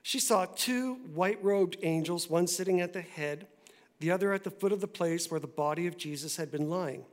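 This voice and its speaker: A male pastor giving a sermon in a church, talking in a conversational, animated way with quick asides. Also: high voice.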